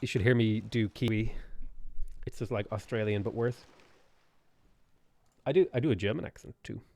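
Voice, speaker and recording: A man's voice: fairly low pitch, normal speed, a little mellow, no room sound. A man live-streaming a strategy game, chatting playfully and answering viewers' questions as he plays.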